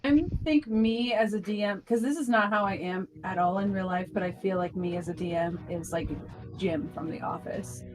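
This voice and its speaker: A woman's voice: mid-range voice, moderate pace, music in the background. A woman chatting playfully as a guest dungeon master, joking and laughing. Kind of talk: casual roundtable chat.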